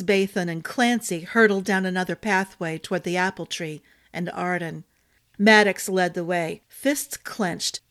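A woman storyteller reading a fantasy novel aloud in a steady, expressive narration. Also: mid-range voice.

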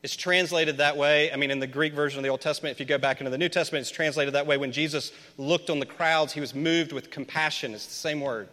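A man from Memphis with a somewhat high, bright, forceful voice preaches a chatty sermon. He keeps asking the congregation questions, and his words ring out with a long reverb across a big church hall. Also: steady tone, quick pace, hardly any pauses. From Memphis, USA. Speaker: pastor. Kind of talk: conversational sermon.

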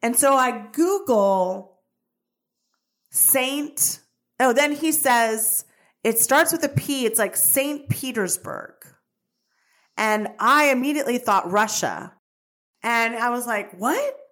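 A woman hosting a podcast, telling a personal story in a chatty, animated way that wanders off on tangents. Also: a little high, slow pace. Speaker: podcast host.

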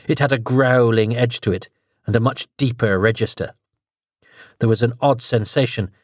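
A man narrating a dark story in a measured, dramatic storytelling manner. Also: medium pitch, dry recording, studio quality.

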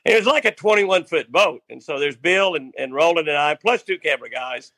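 Older guy telling a fishing yarn, gravelly and bright, dry close sound. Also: a little high, lively intonation, a little fast, no echo. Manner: rambling, self-interrupting, laughing at his own tale. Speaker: guest storyteller. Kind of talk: casual anecdote telling.

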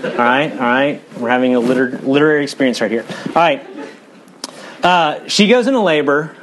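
Earnest and intent, the pastor moves from quick bursts of emphasis down into hushed, low stretches as he gives his sermon in church. A little hiss or hum is audible.

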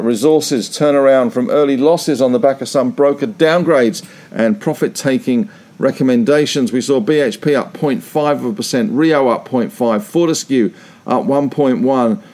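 An Australian man giving a brisk, breezy stock market wrap-up with folksy asides. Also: medium pitch, dark tone. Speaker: market reporter.

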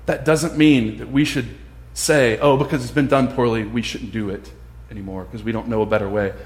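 A man's voice: mid-range voice, a little fast. A man giving a casual, conversational sermon, acting out the voices of the people in his story. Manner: animated, acts out voices of others. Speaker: pastor. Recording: echoey room.

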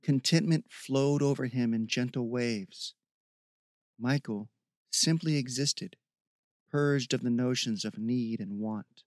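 A man narrating a fantasy audiobook, reading in a measured, evocative way. His voice sits in an ordinary mid pitch, and the recording is close and completely dry. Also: darkish tone, no room sound. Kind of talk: scripted narration.

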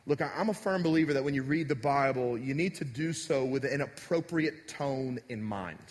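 A man's voice: mid-range voice, moderate pace. A man preaching a sermon as pastor, talking directly and conversationally to his congregation. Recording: echoey hall.

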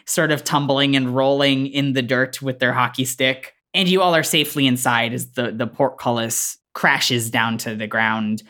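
A woman's voice: a bass voice, fairly even intonation, moderate pace, few pauses, fairly bright tone. A woman narrating as game master in a tabletop game, loose and rambling, swearing as she goes.

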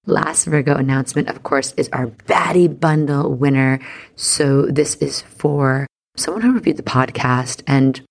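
Chatty slangy woman doing her podcast solo, lots of vocal fry, super bubbly. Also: extremely low pitch, a little slow. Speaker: astrology podcast host. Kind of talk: casual solo podcast monologue.

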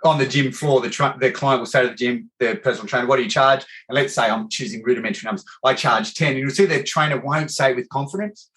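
An Australian man hosting a casual podcast chat. He tells animated, rambling stories and calls people "mate" often. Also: mid-range voice, fast talker, hardly any pauses. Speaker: podcast host.

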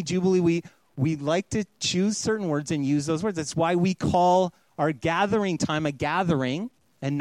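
A man's voice: on the high side, darkish tone, dry recording, rough recording. A middle-aged man giving a sermon as a pastor, talking conversationally and acting out the voices he quotes.

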